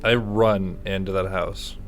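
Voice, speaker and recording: Low-voiced man playing a tabletop game. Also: a little slow, faint music behind. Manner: relaxed and hesitant, with fillers. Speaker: player. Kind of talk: casual tabletop play.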